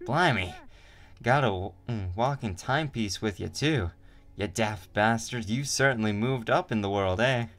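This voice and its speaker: A man voicing a rough, jovial older male gang boss who teases and shouts in slang. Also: on the low side, moderate pace, lightly acted. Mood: mocking. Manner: gruff, teasing, slangy.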